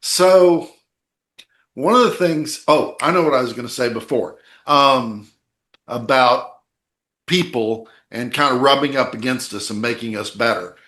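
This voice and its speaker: A man hosting a spiritual podcast, explaining ideas in a calm teaching way and checking in with "okay?" and "right?". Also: medium pitch, a little slow, roomy sound. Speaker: podcast host and author.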